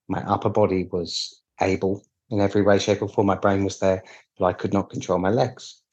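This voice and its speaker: Husky-voiced British man telling his story. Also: fairly low pitch. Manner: candid, wry, acts out quoted dialogue with restarts. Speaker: piano technician guest. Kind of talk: casual storytelling interview.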